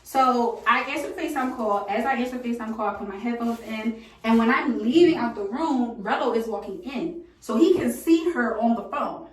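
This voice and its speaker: A young woman spins a wild dorm story in a slangy, animated way, her voice sitting high. She sounds a bit away from the mic, and the room gives it a roomy echo. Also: fairly quick, hardly any pauses. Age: young adult. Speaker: storytime vlogger. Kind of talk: casual storytime chat. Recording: echoey room from a distance.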